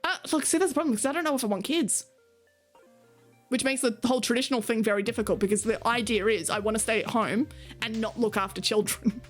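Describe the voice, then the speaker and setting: Talking fast in a voice on the high side, an Australian woman hangs out with her stream viewers and reads their chat. She laughs often and swears casually, with faint music in the background.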